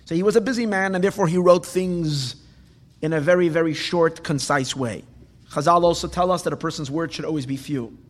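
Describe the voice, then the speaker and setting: A man's voice: on the high side, brisk, in a large hall. A man teaching a Torah class, posing questions and translating phrases as he goes.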